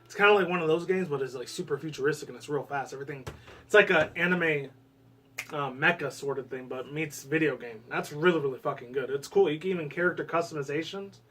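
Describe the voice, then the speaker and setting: A man giving casual gaming commentary in a rambling way, swearing often and breaking into excited bursts, with a US West Coast accent. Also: fairly high pitch, fast, recorded from a distance.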